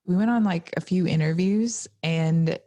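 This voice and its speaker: A low-pitched woman in her thirties chats easily, her talk strewn with "like" as she tells stories. She sounds relaxed and conversational. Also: measured pace. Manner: chatty, lots of "like" fillers. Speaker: podcast co-host. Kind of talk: casual chat.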